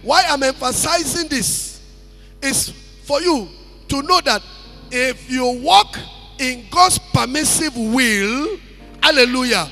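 High, gravelly preacher man, slow and lively. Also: faint music behind. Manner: emphatic, repeats phrases, interjects praise calls. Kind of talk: sermon. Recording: long hall reverb.

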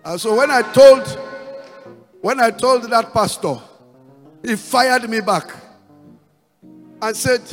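A Nigerian-accented man preaches with a strikingly high voice at an unhurried, deliberate pace. He circles back over words and throws in quick praise asides. His voice rings through a reverberant church hall with faint music underneath. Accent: Nigerian English. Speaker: pastor. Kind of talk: sermon.

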